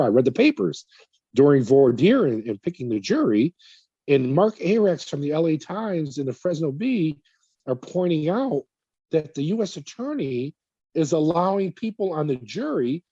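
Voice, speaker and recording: A middle-aged man from California recounts his past in an interview, slipping into quoted dialogue and stumbling over repeated words. His voice is dark and husky. The recording is dry and a little muffled. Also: fairly high pitch, big pitch swings, moderate pace, no echo. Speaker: whistleblower guest. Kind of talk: conversational storytelling interview.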